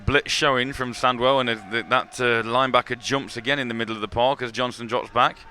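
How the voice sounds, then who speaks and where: A man calling live American football play-by-play, brisk and excitable at big plays. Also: medium pitch, faint music behind. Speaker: play-by-play commentator. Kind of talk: live sports commentary.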